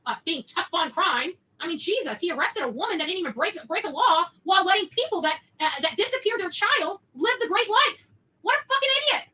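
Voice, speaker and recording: A woman's voice: very high-pitched, lively intonation, brisk, few pauses, pushed and bright, low-quality recording. A woman livestreamer delivering a heated, swearing rant of commentary. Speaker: livestream host.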